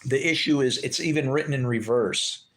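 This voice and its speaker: A man's voice: medium pitch, normal speed, a bit bright. A man giving an informal Bible teaching, talking conversationally, asking his listeners rhetorical questions and swearing now and then. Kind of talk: casual unscripted Bible talk.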